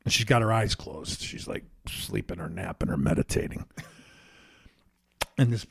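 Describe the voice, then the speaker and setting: An older man, an actor and comedian, telling casual anecdotes as a podcast guest, lively and laughing as he acts out other people. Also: low voice, normal speed, gravelly, husky.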